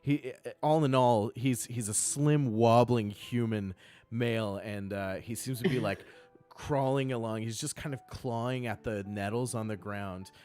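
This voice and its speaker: A man narrating as game master of a tabletop game, relaxed and easygoing. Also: medium pitch, a little slow, clear, resonant tone, soft background music. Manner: relaxed, laughing asides, restarts.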